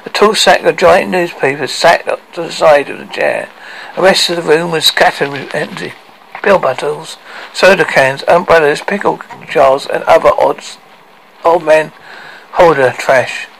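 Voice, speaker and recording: A man reading a storybook aloud in a halting way, stumbling and correcting himself often. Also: on the high side, vocal fry, fairly bright tone, slight background noise, rough recording. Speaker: narrator.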